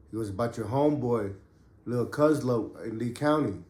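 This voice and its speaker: A man's voice: medium pitch, moderate pace, a little mellow, reverberant. A man casually telling a story from his prison days in street slang, getting over a cough. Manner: street slang, loose and conversational. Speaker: podcast host and ex-prisoner.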